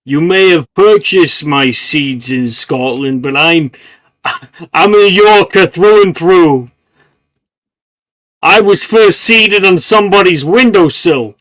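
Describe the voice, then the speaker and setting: A game master voicing a brash, raspy-sounding male talking flower with a New York accent, pushy and wisecracking. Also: mid-range voice, a bit bright, no room sound. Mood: chatty. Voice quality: raspy, smoker-like. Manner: pushy, demanding, quick-talking.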